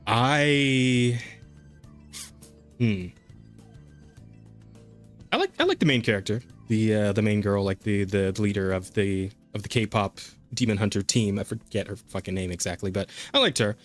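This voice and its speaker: A man's voice: lowish voice, expressive, unhurried, long pauses, soft background music. A man co-hosting a casual podcast, swearing freely, laughing a lot and restarting his sentences. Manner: loose and profane, laughs often, stammers on restarts. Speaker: podcast co-host.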